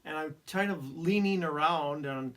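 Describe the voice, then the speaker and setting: A man's voice: fairly high pitch, unhurried, fairly bright tone. A man in his fifties telling a hunting story in casual conversation, laughing often and poking fun at himself. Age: 50s. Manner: laughs often, self-deprecating. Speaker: podcast co-host.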